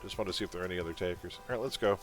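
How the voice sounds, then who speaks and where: A man's voice: low-pitched, rapid-fire, music in the background. A man chatting casually on a live game stream, rambling and opinionated, often calling his viewers folks. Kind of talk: casual gaming stream chat.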